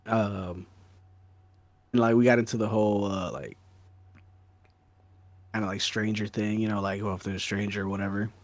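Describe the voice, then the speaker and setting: A man co-hosting a podcast, telling a story in casual chat, slangy and animated, with "bro" and "dog" peppering his talk. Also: fairly low pitch, normal speed, long pauses, no echo. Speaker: podcast co-host.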